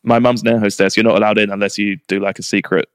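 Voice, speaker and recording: A young man co-hosting a podcast, making blunt deadpan remarks in casual banter. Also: fairly low pitch, fast talker, clear, resonant tone, no room sound, clean studio sound. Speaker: podcast co-host.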